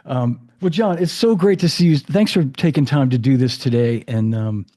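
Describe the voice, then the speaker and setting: A man's voice: mid-range voice, normal speed, mellow. A man hosting a podcast interview, chatty and effusive with many fillers. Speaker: podcast host. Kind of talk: casual interview chat.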